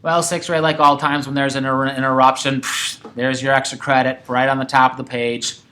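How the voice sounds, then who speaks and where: Lively man teaching a history class. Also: mid-range voice, a little fast. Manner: animated, acts out quoted voices.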